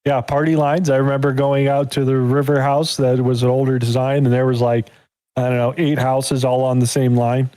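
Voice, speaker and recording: Mellow-voiced man hosting a casual show. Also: mid-range voice, little pitch movement, moderate pace, dry recording. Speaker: host. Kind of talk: casual chat.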